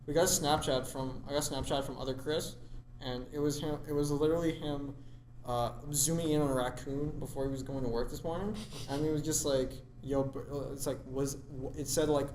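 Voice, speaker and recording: A young man, slightly sick with a deeper voice, co-hosting a casual podcast chat and rambling freely. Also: fairly even intonation, brisk, a little mellow. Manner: rambling, trying out joke accents. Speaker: podcast co-host. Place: big classroom. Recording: roomy classroom echo, faint background noise.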